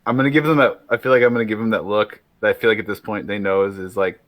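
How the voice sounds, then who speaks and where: A man plays a tabletop game and jokes bluntly with the group. His voice sits a bit low. It is recorded close and dry, with no room sound. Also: fairly even intonation, rapid-fire, no echo. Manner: blunt, joking. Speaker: player. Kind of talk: casual tabletop play.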